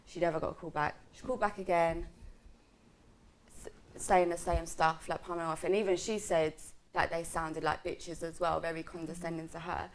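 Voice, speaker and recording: A woman's voice: fairly low pitch, normal speed. A woman, telling a story to friends in a casual vlog chat and acting out the lines of the people in it. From South London. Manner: animated, acts out quoted lines, swears. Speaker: vlogger.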